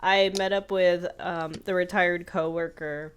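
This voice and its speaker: A woman's voice: lowish voice, steady tone, a little slow, smooth. A woman co-hosting a podcast, chatting casually, teasing her co-host and laughing as she tells stories. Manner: teasing, storytelling, laughs often. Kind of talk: casual chat.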